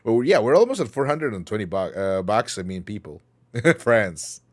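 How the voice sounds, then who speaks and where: A man's voice: fairly low pitch, sing-song, quick pace, a little mellow. A man hosting a livestream talk show, chatting casually and playfully with his chat, rambling and joking with mock anger.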